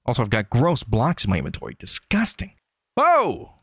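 A man giving excitable, joking commentary over his gameplay, often talking back to enemies on screen. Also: fairly low pitch, rapid-fire, dry recording. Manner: excitable, jokey, talks to enemies. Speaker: gaming YouTuber. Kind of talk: game commentary.

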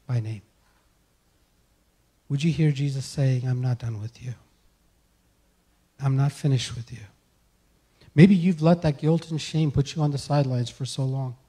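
A male pastor delivering a sermon, earnestly pleading with his listeners and letting his lines fall soft at the close. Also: mid-range voice. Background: soft guitar music.

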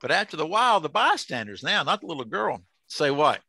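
A man's voice: a little high, sing-song, brisk, creaky, sharp tone, dry recording. A man, teaching a casual Bible study to an online group. He jokes and asks the group questions.

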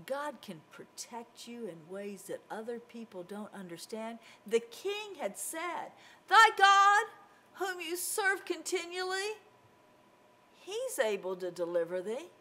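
A woman teaching a Bible lesson to children, telling the story in an animated way and acting out the voices. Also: on the high side, a little hiss or hum.

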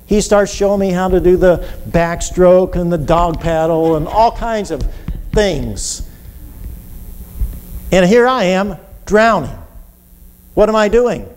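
A man preaching a sermon, telling a story with animated delivery and acting out cries for help. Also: sits high, slow, pauses often, clear, resonant tone. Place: church. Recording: reverberant church hall with faint ambience.

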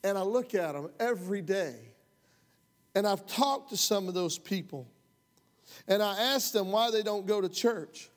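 A man's voice: high-pitched, expressive, measured pace. A man preaching a sermon as pastor, folksy and impassioned, rising to heated outbursts. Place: church sanctuary. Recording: long hall reverb.

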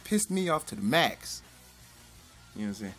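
A young man giving casual, profane commentary as a boxing YouTuber, rambling in slang with sudden high-pitched outbursts. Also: very animated, moderate pace, fairly bright tone, soft background music.

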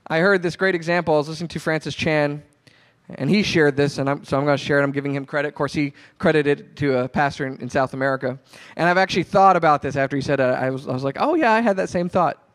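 A man's voice: on the high side, fast. A male pastor giving a sermon in a conversational, storytelling way. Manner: conversational storytelling, animated retelling.

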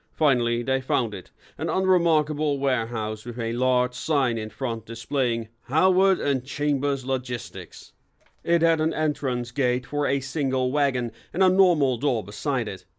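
A man reading scripted narration for an audiobook in a steady, even storytelling manner. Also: medium pitch.

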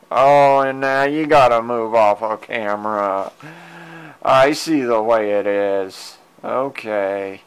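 A man at home chatting fondly to his cats while filming them, meowing at them and chuckling softly, recorded on a handheld camera. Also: medium pitch, clear, resonant tone. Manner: fond, coaxing pet talk, meows at the cats, soft chuckles. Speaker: cat owner filming his pets. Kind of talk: casual talk to his cats. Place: at home indoors. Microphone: handheld digital camera mic.

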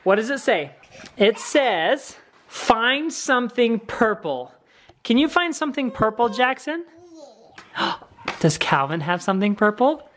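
A woman's voice: a little high, big pitch swings, measured pace. A woman, a vlogging mother, leading a card game with her small children in an encouraging sing-song way at home. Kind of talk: playing a game with young children.

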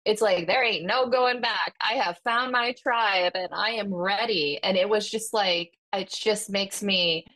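A woman's voice: mid-range voice, a little slow, hardly any pauses, bright, forceful tone. A woman speaking as a podcast guest and wellness coach, earnest and effusive, in inspirational phrasing. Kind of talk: casual podcast chat.

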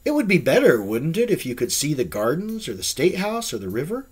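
A man voicing a lanky, exuberant young dreamer in a storybook reading, pitched a little above the narrator's own voice. His lines swing widely in tone, and his husky voice is eager and lively, now and then sinking to a hush. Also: brisk, heavily acted.

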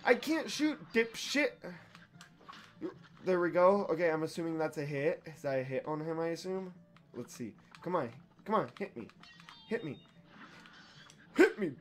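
A young man narrating his own boss fight in a casual let's-play, his pitch leaping wildly from mutters to shouts. He talks slowly and curses freely, and faint music plays behind him. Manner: profane, excitable, yelling at the boss. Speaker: gaming YouTuber.

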